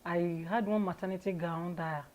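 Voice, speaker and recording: A Nigerian woman, an interview guest, telling her own story in a candid, lively way and laughing often. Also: fairly low pitch, moderate pace, rough recording.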